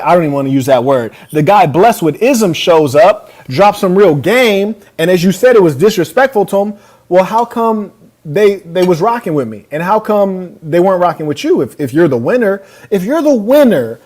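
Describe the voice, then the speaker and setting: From a hotel suite, a man hosts a reaction video in a high, slightly mellow voice picked up by a camera mic. As the podcast host reacting to a clip, he talks over it in casual commentary that is brash, boastful and mocking.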